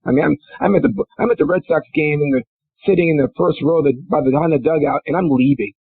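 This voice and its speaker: A middle-aged man from Minnesota, once a pro football player, recounts his career in a loose, rambling way, full of restarts and fillers. His voice is gravelly and husky. The sound is dry and thin, as if over a phone. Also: quick pace, no room sound, narrow, tinny audio. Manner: rambling, many restarts and fillers, laughs into high-pitched bursts. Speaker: former football player, guest. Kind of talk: casual storytelling interview.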